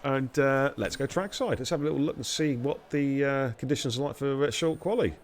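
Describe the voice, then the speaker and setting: A man's voice: mid-range voice, brisk, very noisy. A man hosting a racing league live stream, bantering and teasing the drivers in casual commentary. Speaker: race league host.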